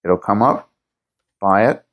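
A man's voice: on the low side, takes it slowly, phone-quality sound. A man being interviewed as a writer and producer, chatting casually and enthusiastically, rambling with lots of fillers and restarts. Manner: enthusiastic fan talk.

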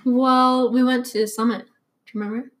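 A woman's voice: fairly high pitch, flat delivery, moderate pace. A young woman co-hosting a podcast, chatting casually and laughing often. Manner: chatty, laughs often, echoes others' speech. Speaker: podcast co-host. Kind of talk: casual chat.

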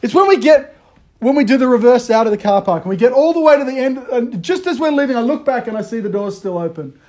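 A man, preaching a casual, conversational sermon with self-deprecating, animated storytelling. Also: extremely high pitch, fast talker. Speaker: pastor.

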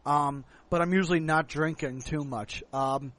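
A man's voice: a little high, normal speed, a bit bright. A man from the United States hosting a podcast, tipsy and long-winded, rambling in casual chat. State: tipsy from drinking. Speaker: podcast host.

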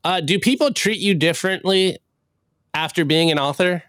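Guy hosting a chill livestream show, smooth clear voice, dry close sound, easygoing hype. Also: high voice, moderate pace, a bit bright, no echo. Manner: upbeat, loose, hype sign-off. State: recovering from illness. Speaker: podcast host. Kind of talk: casual livestream chat.

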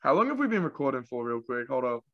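A man's voice: medium pitch, sing-song, fast. A man teasing and joking in a casual chat as a podcast co-host. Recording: dull lo-fi mic.

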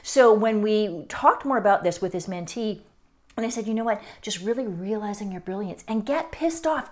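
A woman's voice: medium pitch, expressive, normal speed, darkish tone. A middle-aged woman hosting her own podcast, giving a blunt, emphatic motivational monologue with some swearing. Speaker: podcast host.

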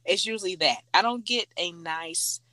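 A young adult woman in casual chat, telling stories bluntly and laughing loudly. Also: on the low side, normal speed, no room sound.

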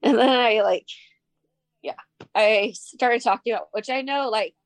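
A young woman, a guest in a personal conversation, speaking softly and tearfully with many "like" fillers. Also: fairly high pitch, a little slow, no room sound. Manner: soft-spoken, tearful, frequent "like" fillers.

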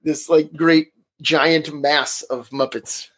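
Husky, slightly high male co-host; loose, rambling recap delivery with easy laughs. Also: steady tone, takes it slowly, fairly bright tone. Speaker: podcast co-host. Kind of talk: casual chat recapping a film.

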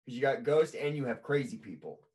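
A man in relaxed casual chat, low-key and dryly joking. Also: a little fast.

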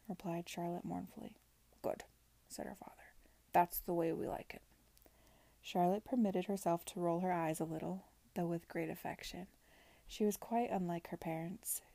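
A woman reading a novel aloud in a gentle, unvoiced whisper, a whispered role-play, with small voice changes for the characters. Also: fairly low pitch, dry recording. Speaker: reader.

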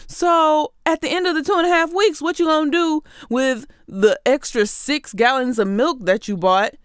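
A woman's voice: a little high, unhurried, clean tone, no echo, clean studio sound. A woman hosting a show, delivering a sarcastic, exasperated comedic rant straight to her listeners. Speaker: podcast host.

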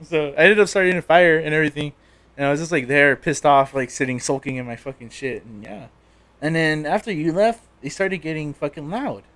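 A man's voice: a little high, a little fast, a bit bright. A young man casually telling stories to a friend, swearing freely and laughing often. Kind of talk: casual storytelling chat.

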